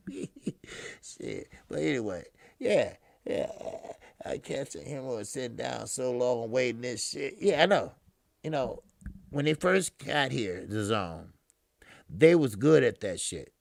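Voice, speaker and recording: Gravelly, profane man calling a fight. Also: mid-range voice, no room sound, clean studio sound. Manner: profane, loose street-talk, laughs at himself; loud excited blow-by-blow when action starts. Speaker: boxing commentator. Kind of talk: casual live fight commentary.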